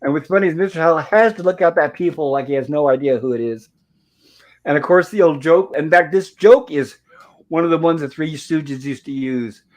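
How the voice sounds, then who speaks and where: At home, a man with a fairly high voice recaps an episode quite quickly in a casual review chat. He rambles, chuckles a lot, and keeps leaning on the phrase "and of course."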